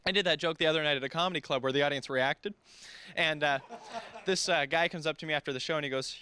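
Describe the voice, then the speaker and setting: A young man doing a stand-up comedy set, animated and quick to jump into character voices. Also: a little high.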